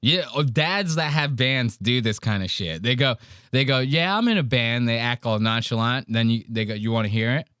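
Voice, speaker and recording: A man's voice: medium pitch, animated, moderate pace, a bit bright, smooth, no room sound, studio quality. A man hosting a podcast, reacting to a clip in a casual, profane way and mimicking the people in it. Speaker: podcast host.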